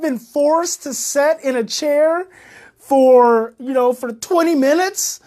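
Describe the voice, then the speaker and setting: A female parenting educator speaks unhurriedly in a voice on the high side, chatting casually by herself. She gets animated and worked up, echoing her own phrases.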